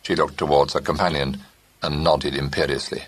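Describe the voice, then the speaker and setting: A man narrating a classic mystery novel as an audiobook, in measured scripted storytelling. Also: rumbling low, fairly even intonation, breathy edge, no echo.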